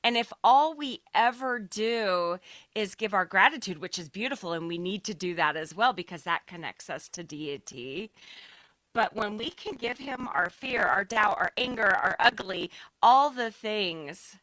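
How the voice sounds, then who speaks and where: A woman's voice: mid-range voice, lively intonation, a little slow, sharp tone, dry recording. A woman co-hosting a podcast who speaks encouragingly and builds her points with emphatic lists. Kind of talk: conversational podcast talk.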